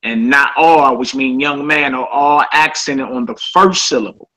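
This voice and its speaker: Bright-voiced man teaching Hebrew. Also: medium pitch, measured pace, poor audio. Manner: relaxed, repeats words, checks in with "all right?". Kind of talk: casual classroom teaching.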